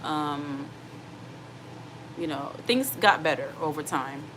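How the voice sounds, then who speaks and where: A woman's voice: deep voice, slow pace. A woman in her thirties, a single mom giving casual, earnest advice straight to her viewers. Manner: earnest, direct, addresses viewers as y'all. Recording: noticeable background noise.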